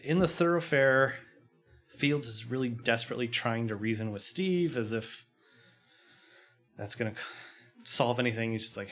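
A man's voice: medium pitch, expressive, a little slow, long pauses, a bit bright. A man casually recapping a TV episode, laughing often and acting out quotes. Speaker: podcast host.

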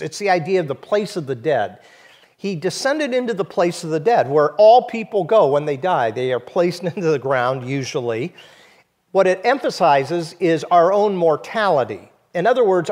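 A pastor delivers a sermon to his congregation. He is a man with a notably high-pitched voice who explains his points in an easy, conversational manner.

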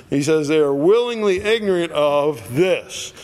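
A man's voice: on the high side, animated, unhurried, darkish tone. A man teaching a Bible passage in a conversational, folksy way, with many fillers and acted-out quotes. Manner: folksy, filler-heavy, acts out scoffers' voices.

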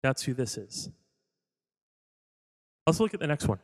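A pastor delivers his sermon at a measured pace in a very animated, mid-range voice, keeping it jokey and conversational while posing questions to the audience. Long hall reverb fills the recording.

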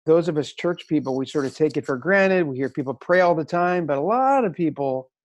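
Man, podcast guest, slightly high voice, dry sound, thoughtful, hedging. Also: animated, brisk, dry recording. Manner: thoughtful, hedging with "if you will". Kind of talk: reflective interview talk.

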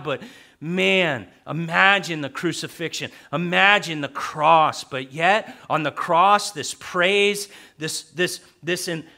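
Slow emphatic guy preaching, kinda high bright voice, repeats stuff, goes quiet then loud. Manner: emphatic, repeats key phrases, swings from soft to loud. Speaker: pastor. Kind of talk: sermon.

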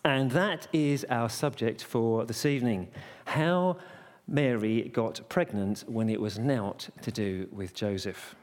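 A man's voice: medium pitch, takes it slowly, hardly any pauses. A man preaching a carol service message in a church, conversational and playful, telling puns. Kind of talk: sermon with jokes. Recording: long church reverb.

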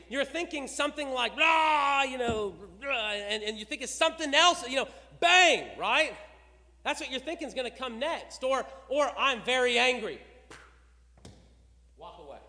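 High-voiced man preaching in a reverberant hall. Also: expressive, normal speed, bright, forceful tone. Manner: preaching with rising emphasis, rhetorical questions. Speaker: pastor. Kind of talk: sermon.

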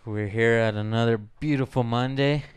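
A man's voice: medium pitch, steady tone, normal speed, smooth. A man opening a casual podcast and greeting his regular cast. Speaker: podcast host.

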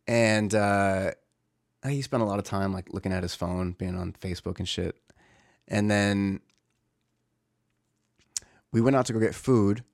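A young man talks through a personal family story in a candid, searching way. His voice sits low and he keeps stopping to correct himself. The sound is close and dry, with no room around it. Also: unhurried, creaky, pauses often, dry recording. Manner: candid, searching, restarts often.

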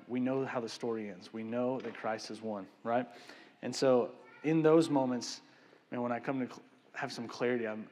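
A man preaching a sermon in a conversational, animated way, often tagging his sentences with "right?" and "man.". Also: medium pitch, big-room sound. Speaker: pastor. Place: church sanctuary.

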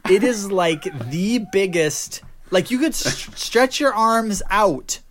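A man's voice: high-pitched, takes it slowly. A young man hosting a podcast, joking casually through a movie review with lots of fillers. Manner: animated, joking rants with fillers. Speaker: podcast host.

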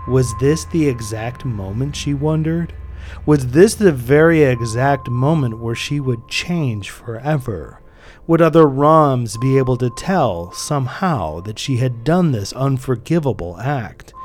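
A man reading his own fiction aloud as narrator, in a measured, deliberate storytelling manner. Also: mid-range voice, animated, darkish tone, soft background music. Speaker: author and narrator.

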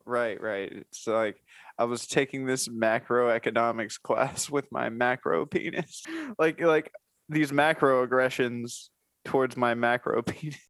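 A man co-hosting a comedy podcast in a middle-pitched voice. He rambles through improvised bits, chuckling as he goes, and the recording is dry and close with no room sound. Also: steady tone, measured pace, a bit bright, no echo. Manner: jokey, rambling, laughs mid-sentence. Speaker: podcast co-host.

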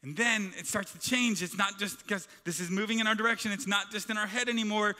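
A man's voice: high voice, steady tone, quick pace, few pauses, sharp tone. A man preaching a sermon as pastor, emphatic, driving his points home in repeated rhythmic lists. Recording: reverberant hall with background music.

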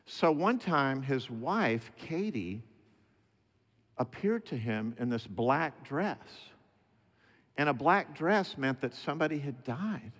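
A man's voice: medium pitch, lively intonation, a little slow. A man preaching a sermon, driving his points home with emphatic repetition. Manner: emphatic repetition, rising to forceful declarations. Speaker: pastor. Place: church sanctuary. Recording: long hall reverb.

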